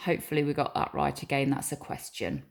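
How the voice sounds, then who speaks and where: A woman's voice: very deep voice, quick pace, vocal fry. A woman teacher giving a recorded lesson, patiently reading example sentences aloud and explaining each one.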